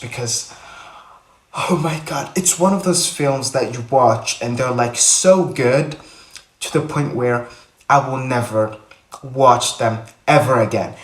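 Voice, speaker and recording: A man vlogging to the camera in casual chat, rambling and repeating himself with animated bursts. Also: medium pitch. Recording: echoey room, a bit far from mic.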